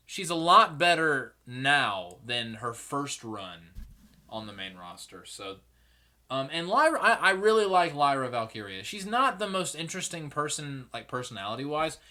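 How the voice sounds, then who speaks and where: A man's voice: fairly high pitch, pushed and bright. A young man hosting a solo podcast, giving rambling, opinionated commentary and swearing freely. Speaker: podcast host.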